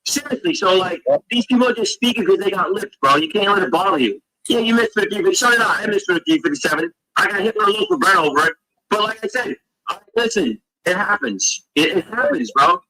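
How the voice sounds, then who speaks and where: High-voiced streetwise man reassuring a friend. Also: expressive, a little fast, pushed and bright, no echo, low-quality recording. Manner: reassuring, repeats "bro", streetwise. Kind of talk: casual chat.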